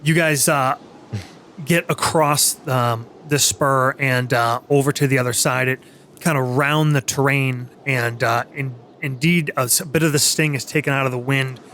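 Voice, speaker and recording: A man narrating as game master in a tabletop game, halting and full of fillers and restarts. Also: medium pitch, fairly even intonation, fairly bright tone, a little hiss or hum.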